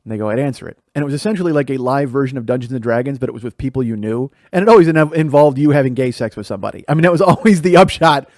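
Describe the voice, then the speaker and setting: Man, middle-aged, podcast host, storytelling monologue, profane, laughing, middle pitch, dry close recording. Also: rapid-fire, hardly any pauses, darkish tone, no room sound. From Chicago area, USA. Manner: profane, laughing through stories.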